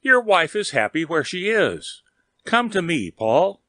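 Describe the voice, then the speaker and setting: A man's voice: fairly high pitch, very animated, measured pace, sharp tone, dry recording, pitched above the performer's own voice, full character voice. Guy reading aloud and doing a throaty seductive lady, coaxing and close, dry sound. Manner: coaxing, intimate. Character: seductive tall woman, throaty and alluring. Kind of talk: audiobook reading.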